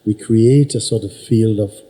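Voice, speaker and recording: A man teaching at a spiritual gathering, unhurried and emphatic, probing his listener with repeated questions. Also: on the low side, warm tone, poor audio. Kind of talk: satsang teaching talk. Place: teaching hall with an audience.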